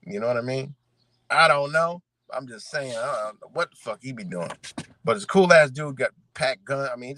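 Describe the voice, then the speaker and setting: A man's voice: mid-range voice, a bit bright, dry recording. Profane ranting man, dry close sound. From Rochester, New York area. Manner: profane, conversational, rhetorical questions, street slang. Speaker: vlogger. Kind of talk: ranting commentary, reading out rules.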